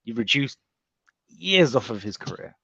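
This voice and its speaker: A man's voice: medium pitch, normal speed, gravelly, slightly rough, dry recording, muffled recording. A man talking casually and animatedly as a panelist on a boxing chat show, often restarting his sentences. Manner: animated, rambling, with many restarts.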